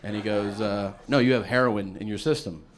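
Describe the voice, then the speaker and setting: A man's voice: lowish voice, steady tone, a little fast. A man doing stand-up comedy, telling a long story with plenty of swearing and acting out what other people said. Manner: profane, acts out other people's lines.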